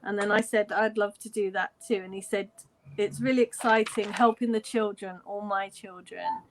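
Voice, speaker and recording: A woman's voice: medium pitch, moderate pace, crowd noise. An English woman in her forties, a fan, telling a story in a casual way on a video call, quoting dialogue and laughing often. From London, England. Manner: animated retelling with quoted dialogue and frequent laughter. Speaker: fan guest sharing a story.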